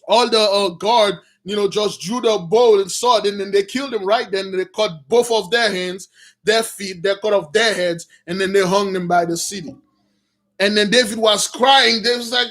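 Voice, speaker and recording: A man preaching, retelling a Bible story in loose slangy talk and acting out the characters with shouts and laughs. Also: high voice.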